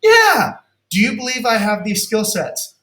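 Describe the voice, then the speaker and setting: A man's voice: high-pitched, normal speed, a bit bright, roomy sound. A man coaching negotiation in a casual way, acting out example lines and laughing often.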